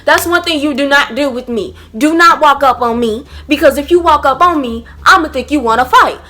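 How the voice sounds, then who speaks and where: A young woman telling a blunt, profane storytime vlog with animated energy. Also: high-pitched, brisk. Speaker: vlogger.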